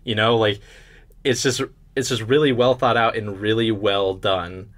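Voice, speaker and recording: A young man with a lowish voice talks games on a podcast. He gushes and rambles a bit, with plenty of "like" as he goes. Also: fairly even intonation, moderate pace, a bit bright. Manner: enthusiastic, chatty, many "like" fillers. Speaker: podcast co-host. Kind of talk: casual chat about video games.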